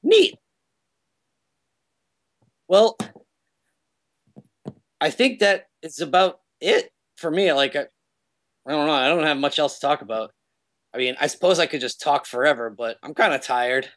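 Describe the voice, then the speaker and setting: Young man, casual meetup guest, rambly and loose, slightly high voice. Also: expressive, unhurried, pauses often, fairly bright tone. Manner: rambling, loose, lots of fillers and self-corrections. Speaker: remote guest speaker at a meetup. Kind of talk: casual chat.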